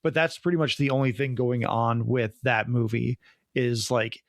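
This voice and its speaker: A man's voice: mid-range voice, steady tone, moderate pace, no room sound, clean studio sound. Chatty man rambling about films. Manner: rambling, enthusiastic, many "like"s. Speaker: podcast co-host. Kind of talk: casual film review chat.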